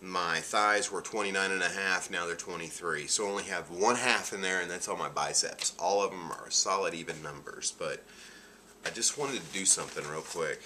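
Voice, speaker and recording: A man's voice: low-pitched, normal speed, bright, forceful tone, a little hiss or hum. A man talking casually in a video diary, a bit nasal from allergies, chatty and upbeat. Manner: chatty, upbeat, laughs often. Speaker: vlogger.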